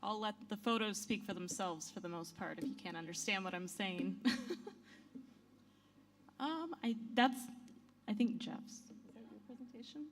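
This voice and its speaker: A woman's voice: medium pitch, normal speed, long pauses. An American woman who works as a photography guide, giving a friendly talk at a conference. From United States. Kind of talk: conference presentation. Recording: voice from a distance off the mic.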